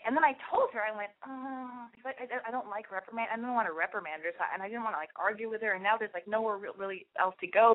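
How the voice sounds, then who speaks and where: A young woman with a cold, hosting a solo podcast alone in a room, rambling, self-deprecating and swearing often. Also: a little high. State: has a cold, needs to cough. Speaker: podcast host. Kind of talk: casual solo podcast monologue. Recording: tinny phone-like sound.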